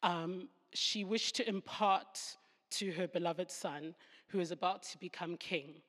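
A woman's voice: fairly low pitch, unhurried, a bit bright, long reverb tail. A woman with a Southern African accent giving a devotional Bible talk, with humorous asides where she laughs at herself. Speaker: Bible teacher.

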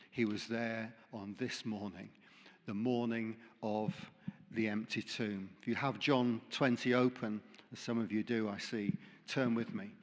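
A man's voice: medium pitch, in a large hall. A man preaching a sermon, reading scripture aloud with dramatic emphasis and dropping in light asides. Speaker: pastor.

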